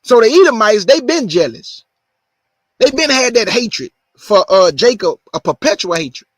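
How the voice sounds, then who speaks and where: A man hosting his show, preaching, repeating his points slowly for stress. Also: sits high, big pitch swings, no room sound. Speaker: show host. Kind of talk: preaching monologue.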